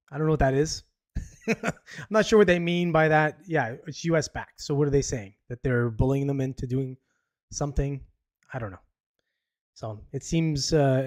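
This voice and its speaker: A man from Canada hosts a live news podcast in a loose, rambling way, blunt and quick to swear and laugh at his own jokes. His voice sits in the middle range for a man. The sound is dry and close, with no room around it. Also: medium pitch, a little mellow, dry recording. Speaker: podcast host. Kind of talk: casual live-stream commentary.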